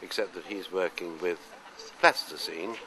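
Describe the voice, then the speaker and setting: A man's voice: sits low, unhurried, noisy background. An older man from London, an actor answering interview questions in a chatty, anecdotal, self-deprecating way.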